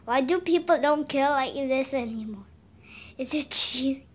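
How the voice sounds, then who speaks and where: Her voice sits high and her pace is moderate as this woman comments on gameplay, mocking other players and alternating loud yelps with murmured remarks.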